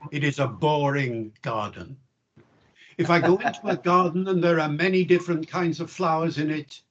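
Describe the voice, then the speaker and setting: An older male linguistics professor speaks in a measured, reflective way, leaning into key points with emphasis. His voice is husky and a little high for a man. The video call audio sounds dull and lo-fi. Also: a bit bright. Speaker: linguistics professor, interview guest. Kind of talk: explanatory interview answers.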